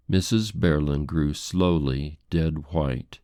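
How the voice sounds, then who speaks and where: A man narrating an audiobook in a deep, gravelly voice with a dark, mellow tone. The sound is dry and close, and his delivery stays steady. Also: unhurried, dry recording. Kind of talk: scripted narration.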